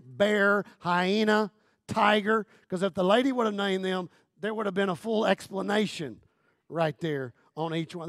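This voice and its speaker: A man preaching a sermon as guest pastor, talking in a humorous, conversational way with lots of repetition, going from loud emphatic lines down to near-quiet phrases. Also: sits high, vocal fry, no room sound, studio quality. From Texas.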